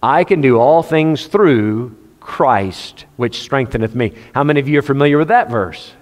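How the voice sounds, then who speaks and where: A man's voice: medium pitch, expressive, moderate pace. A man preaching a sermon, speaking conversationally and quoting scripture in King James wording. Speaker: pastor. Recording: long hall reverb.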